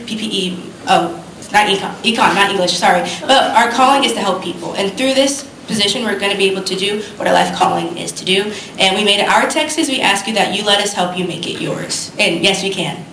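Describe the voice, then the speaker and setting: A young woman, a student candidate, giving a rapid, earnest debate closing statement that rambles a little. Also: medium pitch, a bit bright. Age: young adult. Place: debate stage in a hall. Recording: roomy hall, faint background noise.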